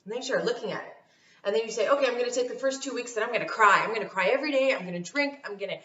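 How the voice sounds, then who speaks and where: Woman giving animated advice in an echoey room. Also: fairly high pitch, rapid-fire. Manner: animated, emphatic, repeats key phrases. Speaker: vlogger giving life advice. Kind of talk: casual motivational talk to camera. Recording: roomy, distant, dull sound.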